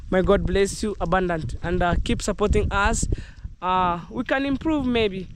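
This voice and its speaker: A young Kenyan man with a high-pitched voice and a Kenyan accent vlogs as he walks through the countryside, talking to camera at a moderate pace. He rambles in an upbeat, casual way to his viewers, dropping in bits of Jamaican slang, with background noise from the outdoors.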